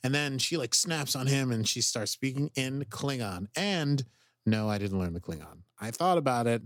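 A man co-hosting a podcast, recapping an episode in excitable, rambling casual chat full of "like". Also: medium pitch, normal speed, no room sound, studio quality. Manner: excitable, rambling, heavy use of "like". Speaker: podcast co-host.

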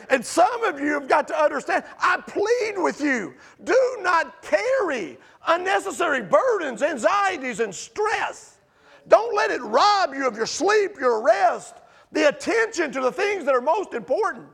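Middle-aged man, pastor in the pulpit; high, gravelly voice, impassioned with hushed asides. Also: big pitch swings, normal speed. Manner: impassioned preaching, dropping to hushed pleading. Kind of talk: sermon. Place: church sanctuary.

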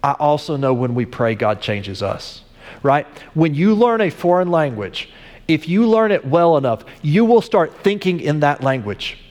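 A man's voice: fairly high pitch, sing-song, unhurried, a little mellow, big-room sound. A male pastor giving a conversational sermon, telling stories with frequent restarts.

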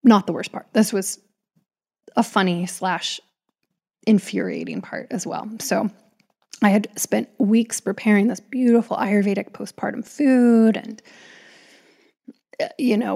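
A woman's voice: mid-range voice, a little slow, gravelly, long pauses, warm tone, breathy edge. A woman in her thirties casually telling a personal story, chatty, with frequent restarts and asides.

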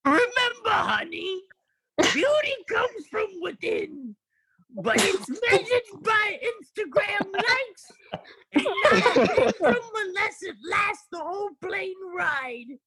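A man putting on the voice of an old grandmother for an improv comedy game, with a creaky, quavering sound. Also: very high-pitched, sing-song, takes it slowly, a crowd in the background, full character voice, poor audio. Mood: preachy.

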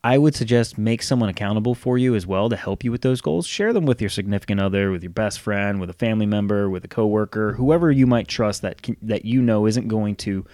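Low-voiced man giving casual fitness advice. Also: fairly quick, few pauses, a little mellow, no room sound, studio quality. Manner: conversational, acts out quoted friends. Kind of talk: casual motivational talk.

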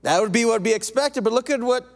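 A man preaching a sermon with an animated delivery, swinging from lively emphasis to a soft, intense tone. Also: very high voice, fast talker, in a large hall. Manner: animated, acts out quoted voices, drops to soft intense tone.

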